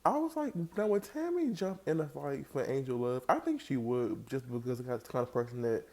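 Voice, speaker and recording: A man giving a casual, animated recap of a reality TV episode, jumping into high voices to act out what the cast said. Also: a little fast. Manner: animated, acts out quoted lines in raised voice. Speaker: reality TV reviewer.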